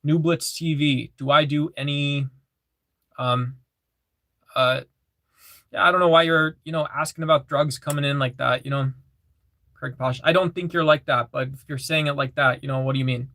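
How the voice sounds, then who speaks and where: A man's voice: fairly high pitch, fairly even intonation, normal speed, creaky, pauses often, pushed and bright, no room sound. Dry-sounding man chatting on a livestream. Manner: reads chat aloud, repeats phrases, many fillers. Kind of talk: casual livestream chat.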